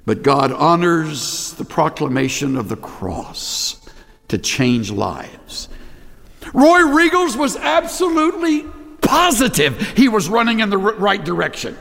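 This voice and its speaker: A male pastor delivering a sermon in a big reverberant hall, his voice a touch high for a man. He swings his pitch widely, leaning hard on key words and acting out brief exchanges. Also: measured pace, creaky. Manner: animated, emphatic preaching with dramatized asides. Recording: long reverb of a large hall.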